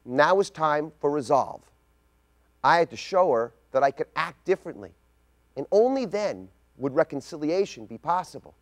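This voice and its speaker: A middle-aged man giving a scripted spoken essay as a rabbi, telling a personal story in a measured, reflective way. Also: fairly high pitch, sing-song.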